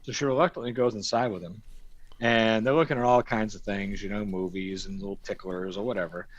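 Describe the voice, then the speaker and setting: A man's voice: on the low side, fairly quick, no room sound. Profane man telling a story, dull dry sound. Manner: profane, animated storytelling with acted-out quotes. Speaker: storyteller on a stream. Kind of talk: casual crude anecdote.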